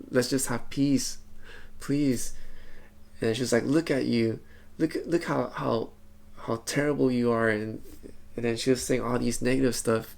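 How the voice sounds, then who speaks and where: Soft-spoken man with a gravelly voice. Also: medium pitch. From Hmong community background. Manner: soft, calm, reflective telling with many repeated words. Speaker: vlogger. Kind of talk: personal vlog talk.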